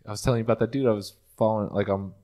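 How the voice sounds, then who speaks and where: Deep-voiced young man hosting. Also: rapid-fire. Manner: relaxed, jokey, wraps up the show. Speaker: podcast host. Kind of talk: casual chat.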